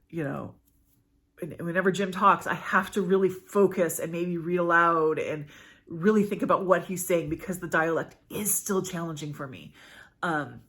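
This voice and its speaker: Book vlogger, woman, middle-aged; chatty, self-correcting, expressive low voice. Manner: chatty, rambling, frequent fillers and self-corrections. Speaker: book channel host. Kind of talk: casual reading update vlog.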